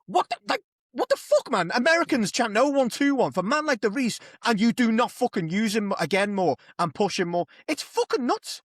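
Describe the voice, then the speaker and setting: Scouse male co-host, heated profane rant, animated voice, dry sound. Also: very high-pitched, fairly quick, no room sound. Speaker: podcast co-host. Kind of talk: casual chat.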